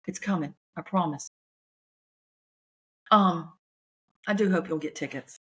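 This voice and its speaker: A woman comedian, talking in a chatty, folksy, animated way on her podcast. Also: fairly low pitch, unhurried. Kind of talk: casual chat.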